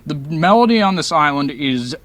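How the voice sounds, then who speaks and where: A man's voice: on the high side, lively intonation, normal speed, fairly bright tone. A young man sharing opinions casually in a group review, loose and full of fillers. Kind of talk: casual group chat over a voice call.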